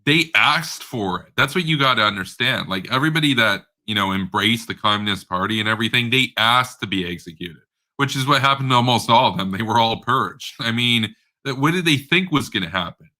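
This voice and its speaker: A man's voice: mid-range voice, animated, a little fast, sharp tone. A man giving a casual political rant, rambling and blunt, with many fillers, stammered restarts and sarcastic asides. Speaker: political commentator.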